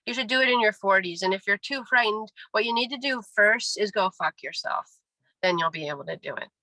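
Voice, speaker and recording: A woman in her forties reads her poems aloud with a wry, deadpan delivery. Her voice is bright and forward, recorded dry and close with little room sound. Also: mid-range voice, a little fast, dry recording, poor audio. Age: 40s. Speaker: poet. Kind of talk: poetry reading. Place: reading venue.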